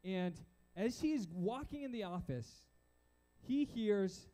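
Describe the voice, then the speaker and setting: Young male preacher, high mellow voice, animated storyteller. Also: slow pace. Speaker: youth pastor. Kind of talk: sermon. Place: church stage before a crowd.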